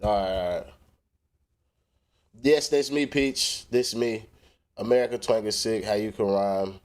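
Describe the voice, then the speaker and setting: A man hosting a late-night livestream. His voice sits very low, and his talk is loose, profane and off the cuff as he answers comments from the chat. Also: unhurried, a little mellow. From northern England. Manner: loose and profane, reacting to chat between tracks. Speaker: livestream host and rapper.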